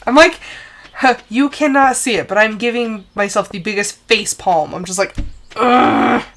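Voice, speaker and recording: A woman's voice: on the high side, a bit bright, slight background noise. A woman streamer commenting live on her farming game, exasperated and talking herself through setbacks. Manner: exasperated, talks to herself, self-soothing.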